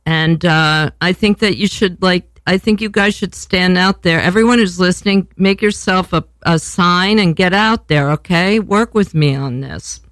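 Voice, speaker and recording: A woman's voice: fairly low pitch, moderate pace, hardly any pauses, a bit bright, dry recording. Rambling, salty older woman host. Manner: rambling, profane, self-deprecating. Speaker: podcast host. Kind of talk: casual chat.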